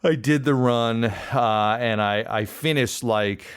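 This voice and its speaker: A man hosting a podcast, telling a personal story in an animated, self-deprecating way. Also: medium pitch, takes it slowly, clear, resonant tone. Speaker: podcast host. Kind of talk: casual storytelling monologue.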